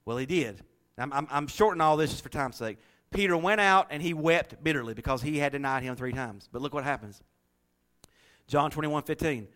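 A middle-aged man preaching a sermon, telling folksy stories in an animated way and laughing often. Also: on the high side, fairly quick.

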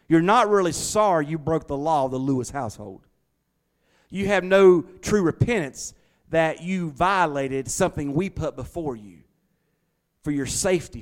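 Animated preacher man, fairly high voice. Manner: animated, swings from loud emphasis to quiet asides. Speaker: pastor. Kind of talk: sermon.

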